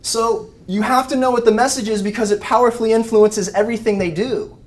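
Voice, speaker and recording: Guy teaching dog rescue folks, lively, acts stuff out. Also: high-pitched, brisk. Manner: animated, acts out scenes with shouted mock voices. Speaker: animal behavior trainer. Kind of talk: live teaching talk to rescue volunteers.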